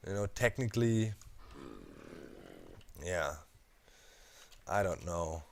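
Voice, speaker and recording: Man, low voice, casual gameplay commentary, thinks aloud, lots of fillers. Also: takes it slowly, a little mellow, slight background noise. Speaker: Minecraft let's player.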